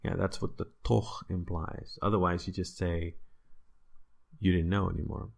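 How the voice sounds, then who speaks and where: A man's voice: low-pitched, steady tone, moderate pace, vocal fry. A man teaching a casual online language lesson, explaining patiently and checking in with "right?".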